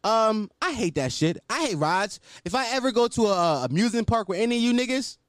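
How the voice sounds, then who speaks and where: Animated profane man telling a story. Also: sits high, fast talker, hardly any pauses, dry recording, clean studio sound. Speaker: podcast host. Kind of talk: storytelling monologue.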